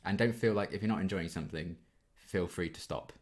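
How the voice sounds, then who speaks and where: His voice sits low and his delivery is brisk. The young YouTube reaction channel host, in his twenties, reads viewer questions in a casual Q&A and chats through answers punctuated by frequent ums.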